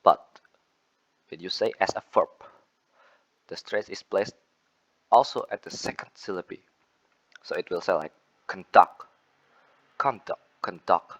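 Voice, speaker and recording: Young Indonesian-accented man, low voice, unhurried student presenter. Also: lo-fi sound. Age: young adult. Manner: repeats example words to show stress, with fillers and self-corrections. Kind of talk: class presentation on word stress.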